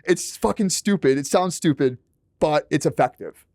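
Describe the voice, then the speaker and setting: A man talking as a guest on a podcast, animated and swearing often as he acts out quoted lines. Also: fairly high pitch, moderate pace, no room sound, studio quality. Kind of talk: casual podcast chat.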